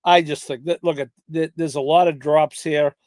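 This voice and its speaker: Man, podcast co-host, casual chat, hesitant, slightly high voice, dry close sound. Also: little pitch movement, normal speed, a little mellow, no room sound. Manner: hesitant, lots of fillers and restarts. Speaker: podcast co-host handicapping horse races.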